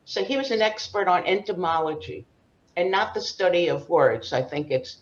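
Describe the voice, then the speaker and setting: A woman's voice: on the low side, expressive, normal speed, roomy sound, muffled recording. Brash older Brooklyn woman doing stand-up. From Brooklyn, New York. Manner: brash, bawdy storytelling with Yiddish slang. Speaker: comedian at an open mic. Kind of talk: stand-up comedy set.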